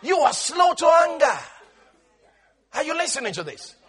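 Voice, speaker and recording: A male pastor preaching a sermon, emphatic, stretching his words out and breaking into shouts. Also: extremely high pitch, big pitch swings, moderate pace, a faint crowd.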